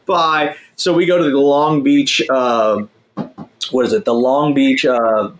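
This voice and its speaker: Young guy, casual profane storyteller, mid pitch, echoey room. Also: fairly even intonation, slow, slight background noise. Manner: profane, rambling, self-mocking. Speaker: guest telling a story.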